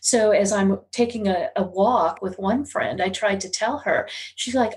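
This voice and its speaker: This is a middle-aged woman with a voice of ordinary pitch, talking as a guest on an interview podcast. She tells a personal story in an earnest, confessional manner. Her delivery carries a steady undercurrent of emotion. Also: measured pace. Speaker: guest, psychic medium.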